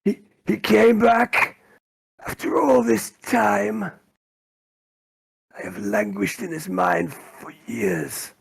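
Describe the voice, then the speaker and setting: Guy doing a bitter hunched mutant man, pitched way up, slow and dragging. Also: creaky, slightly rough, full character voice. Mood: yearning. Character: stooped male mutant with a giant claw, bitter and weary.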